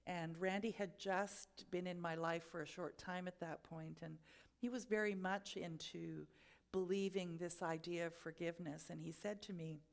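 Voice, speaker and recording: A woman giving a sermon at a spiritual centre, telling a personal story in a reflective, gently guiding way and laughing at herself now and then. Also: fairly low pitch, fairly even intonation, moderate pace, gravelly. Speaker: spiritual speaker.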